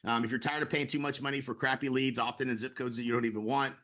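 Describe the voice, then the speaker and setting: Man, middle-aged, sales webinar, rapid talk, bright voice, persuasive, fillers and restarts. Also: mid-range voice, fairly even intonation. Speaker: real estate broker pitching to agents.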